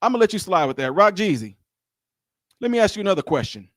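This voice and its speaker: A high-pitched man talks straight into a dry, close mic, teasing and animated as he comments on a clip. He repeats his lines for effect and keeps the banter going. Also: fast talker, no room sound. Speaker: video commentator. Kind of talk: reaction commentary.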